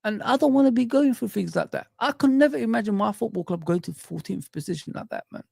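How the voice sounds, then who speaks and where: A man's voice: high-pitched, lively intonation, fast, vocal fry, a little mellow, dry recording. A middle-aged man hosting a live football stream, ranting passionately with rhetorical questions and talking straight to his viewers. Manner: talks straight to viewers and chat. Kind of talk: casual live-stream rant.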